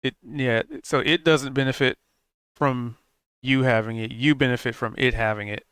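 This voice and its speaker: A man running a tabletop game, answering players with quick confirmations and rule explanations. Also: mid-range voice, steady tone, fairly bright tone, clear, resonant tone, no echo, studio quality. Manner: quick affirming replies, explains rules. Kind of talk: casual tabletop game chat.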